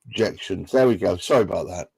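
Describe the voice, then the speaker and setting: A man's voice: low-pitched, quick pace, vocal fry, darkish tone, breathy edge, low-quality recording. A man hosting a casual podcast chat, playful and given to jokey tangents. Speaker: podcast host.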